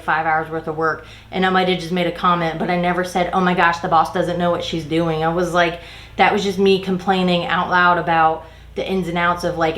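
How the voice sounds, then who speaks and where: A woman's voice: medium pitch, echoey room, rough recording. A woman makeup vlogger chatting casually while doing her makeup, ranting in an exasperated way and swearing casually.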